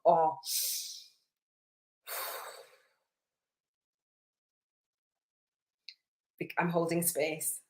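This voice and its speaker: A woman's voice: on the low side, little pitch movement, slow, long pauses. Effusive woman coaching live, roomy sound. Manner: warm, effusive, rambling with many fillers and restarts. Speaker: spiritual business coach hosting a live masterclass. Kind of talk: live-streamed coaching, chatty, reading out viewer comments. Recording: roomy echo.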